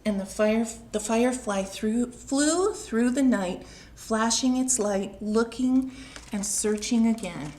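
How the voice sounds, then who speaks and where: A woman, a children's librarian, reading a picture book aloud at home, slow and expressive, pausing to ask the young listeners questions. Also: on the high side.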